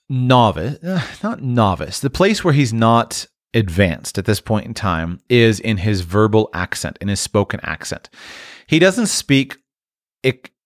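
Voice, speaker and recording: A man talks in a relaxed monologue at a mid pitch, thinking aloud with frequent restarts. The sound is dry and close, with no room echo. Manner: thoughtful, restarts and trails off. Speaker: parent talking about language learning. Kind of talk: casual monologue.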